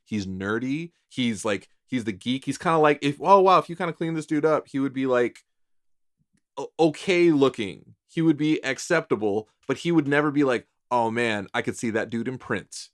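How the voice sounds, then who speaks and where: A man co-hosting a podcast, rambling excitedly in casual chat with frequent restarts. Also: medium pitch, normal speed, dry recording, clean studio sound. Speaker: podcast co-host.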